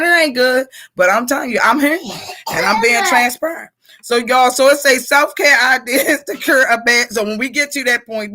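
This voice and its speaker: A middle-aged woman leading a casual leadership workshop, reading out comments and laughing with the group. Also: a little high. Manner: animated, laughing, talks to the group as y'all.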